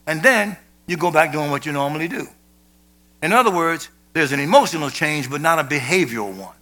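A man preaching a sermon with emphasis, rising to shouted peaks and dropping to low, quiet asides. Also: lively intonation, a little fast.

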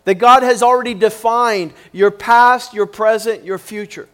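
High-voiced man preaching an emphatic sermon. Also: steady tone, measured pace, a bit bright, clean tone. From Cuban upbringing. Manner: emphatic, repetitive, building in intensity. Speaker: pastor.

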